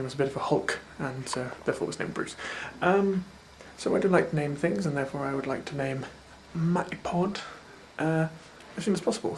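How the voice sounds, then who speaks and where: Rambling young man, slightly high voice. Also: vocal fry, a little hiss or hum. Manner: rambling, offhand and self-mocking. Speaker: video blogger. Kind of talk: casual chat.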